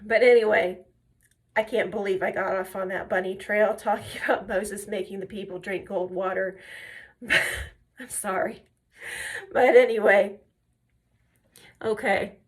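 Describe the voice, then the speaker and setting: A woman's voice: mid-range voice, steady tone, normal speed. A woman chatting casually while doing her makeup, telling stories and talking through each step. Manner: chatty storyteller, drifts between tangents; step-by-step tutorial talk. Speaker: makeup and faith vlogger.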